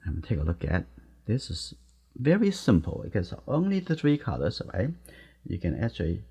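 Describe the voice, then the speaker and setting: A man with a low, gravelly voice teaches watercolor during a live painting demonstration. He's soft-spoken and encouraging, talking in short phrases as he paints. The recording sounds dull and muffled.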